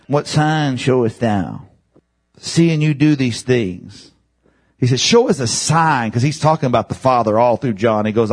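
A man preaching a sermon, dropping low then rising into loud, high shouts. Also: breathy edge.

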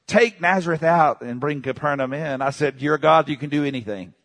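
A male pastor preaching a charismatic sermon, dropping to low murmurs and then shouting exclamations, and having the congregation repeat phrases after him. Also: moderate pace.

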